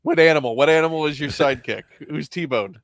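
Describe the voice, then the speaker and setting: A man's voice: a little high, a little fast, no echo. Wry, joking American man hosting. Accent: General American. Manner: wry, joking, playfully teasing. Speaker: host. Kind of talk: casual chat.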